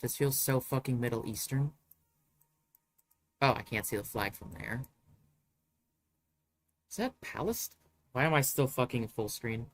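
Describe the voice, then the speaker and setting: A man giving live commentary as he plays a geography guessing game, rambling and swearing in exasperation. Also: medium pitch. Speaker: streamer.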